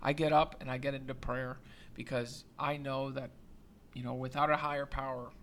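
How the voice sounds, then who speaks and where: A man co-hosting a casual chat, animated and often repeating words as he restarts. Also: mid-range voice, normal speed, slight background noise. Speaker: podcast co-host.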